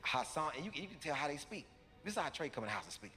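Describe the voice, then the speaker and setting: Animated male stand-up storyteller. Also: fairly high pitch, very fast, soft background music. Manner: animated, with repetition for effect. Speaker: stand-up comedian. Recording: live hall with background noise.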